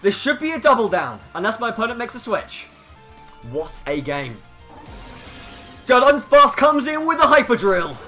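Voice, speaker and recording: A man giving excitable live commentary over his own competitive video game battle. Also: very high-pitched, fairly quick, hardly any pauses, soft background music. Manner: excitable, hyping up big plays.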